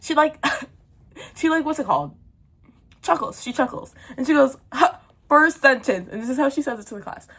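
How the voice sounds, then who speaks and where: Teen girl, casual book vlog, animated ranting storytime, slightly high voice. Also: a little fast, pauses often. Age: teens. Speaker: book vlogger.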